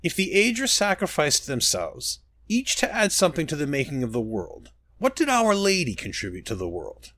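A man's voice: on the high side, huge pitch swings, normal speed, few pauses, fairly bright tone, voice pushed up. A man voicing an inquisitive young boy, a baker's child, asking a bold question. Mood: curious.

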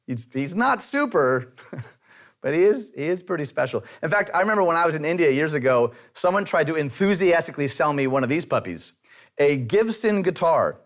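A man's voice: fairly high pitch, big pitch swings, a little fast. A man preaching a sermon in a conversational way, with light self-deprecating humor. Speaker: pastor.

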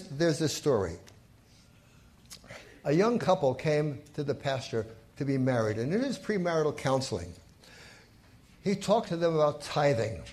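A man's voice: a little high, a little mellow. A man preaching a sermon in a church, telling stories and stressing key points with rising emphasis. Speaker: pastor.

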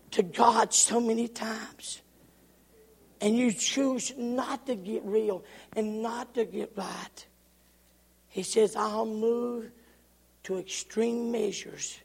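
A man preaching a sermon with rhythmic, repetitive phrasing, swinging from shouts down to hushed whispers. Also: sits high, gravelly, husky. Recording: long reverb of a large hall.

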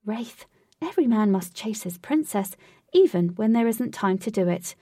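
A forthright young heroine, brisk and sure of herself, with a bossy upbeat push, as a woman reading the story voices her. The lines ride noticeably higher than a plain reading. The sound is dry and the mic sits a little away. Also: lively intonation, dark tone, no room sound, far from the mic, lightly acted. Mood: confident.

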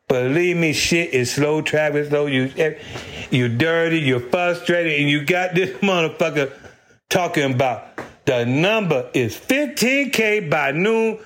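A man's voice: on the high side, fairly bright tone. A man telling a rambling, profane comedy story about his old job, swearing constantly and laughing as he talks. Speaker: stand-up storyteller.

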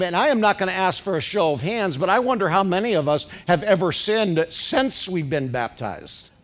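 Pastor, male, slightly high voice, a sermon that swings between rapid asides and slow, loud emphatic lines. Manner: builds to loud, drawn-out emphatic preaching; quick asides with restarts and fillers. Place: church sanctuary with congregation.

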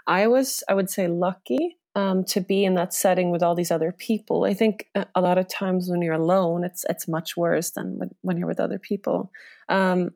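Woman, second-language English, low and gravelly, thoughtful conversational recollection. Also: fairly even intonation, normal speed, darkish tone. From Sweden. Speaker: guest sharing her experience.

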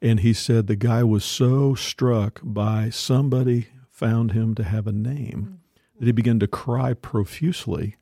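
A man hosting a casual conversation, telling a story with many pauses and fillers. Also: mid-range voice, creaky, mellow, dry recording, clean studio sound.

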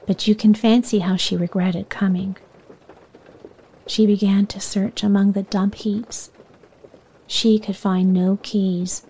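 A woman reading a children's bedtime story aloud in a soft voice that often sinks near a whisper. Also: medium pitch, breathy edge, low-quality recording.

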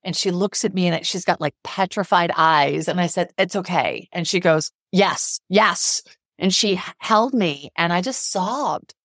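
A woman's voice: on the low side, moderate pace, few pauses, a bit bright, dry recording, studio quality. A middle-aged woman psychotherapist speaking as a guest in a podcast interview, earnest and emphatic, repeating phrases to drive her point home.

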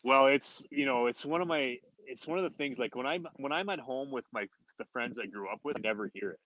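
A man's voice: mid-range voice, fairly quick, dry recording, rough recording. A man in his forties, a former hockey player, telling a story casually with laughs and restarts. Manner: animated, laughing, many restarts.

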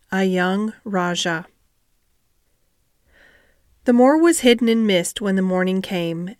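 A woman hosting and calmly reading a classic novel aloud as a bedtime story. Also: medium pitch, dry recording, clean studio sound. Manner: calm, measured narration. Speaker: storyteller host.

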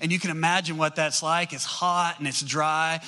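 Pastor, male; bright, lively sermon storytelling with high, ringing tone. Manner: storytelling, rises high and fast when excited.

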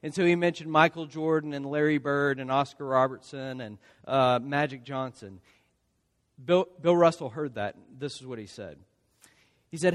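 A man's voice: mid-range voice, normal speed, in a large hall. A man preaching a sermon in a conversational way, often checking in with his listeners by asking "right?". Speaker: pastor.

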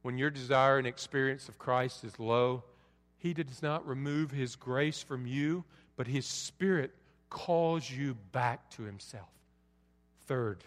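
A middle-aged male pastor preaching a sermon, swinging from soft pleading lows to loud forceful peaks. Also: takes it slowly. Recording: long reverb of a large hall.

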